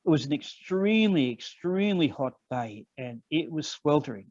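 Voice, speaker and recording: A man's voice: a little high, lively intonation, a little mellow, dry recording. Older Australian man, dry muffled video-call sound, storytelling guest. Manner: unhurried, frequent ums, re-enacts dialogue. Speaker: guest elder. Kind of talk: personal storytelling in conversation. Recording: dull lo-fi online call audio.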